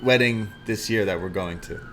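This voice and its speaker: Man, low voice, casual podcast chat, excitable, laughs a lot. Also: moderate pace, a little hiss or hum. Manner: excitable, laughs often, acts out quotes. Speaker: wrestling show reviewer.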